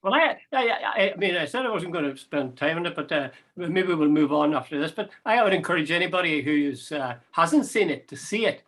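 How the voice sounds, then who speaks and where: A man's voice: a little high, lively intonation, fairly quick, hardly any pauses, fairly bright tone. A man co-hosting a casual political chat, wry and chatty with amused asides. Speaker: co-host of a current affairs podcast.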